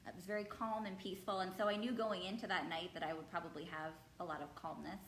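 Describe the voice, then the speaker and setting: Female guest, low voice, earnest and halting testimony, echoey room with faint hiss. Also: little pitch movement, a bit bright. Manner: earnest, hesitant with many ums. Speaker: guest sharing her experience. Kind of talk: personal testimony in an interview.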